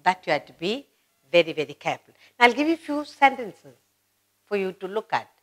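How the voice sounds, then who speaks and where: A woman with an Indian English accent teaching a grammar lesson, slowly and patiently repeating example sentences. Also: mid-range voice, big pitch swings.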